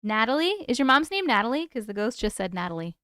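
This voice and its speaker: Picture a woman streamer at her desk at home, chatting away and swearing without a second thought. Her voice sits a touch high and comes through smooth and clear. The sound is close and dry. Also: quick pace, no room sound. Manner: chatty, swears freely, excitable. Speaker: host of a live stream. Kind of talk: casual live-stream chat.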